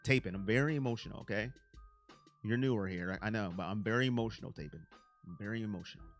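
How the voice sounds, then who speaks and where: A fast-talking man with a fairly low voice hosts a laid-back sports stream, calling out chatters by name as he replies. He's animated and says himself that he gets emotional. Faint music plays behind him.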